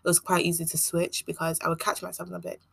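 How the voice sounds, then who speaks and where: Young nigerian woman, accent kinda mixed with american, rambly podcast talk, lowish voice w lots of vocal fry. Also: monotone, very fast, a bit bright, dry recording. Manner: rambling, chatty, laughs often. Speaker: podcast host. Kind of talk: casual solo podcast chat.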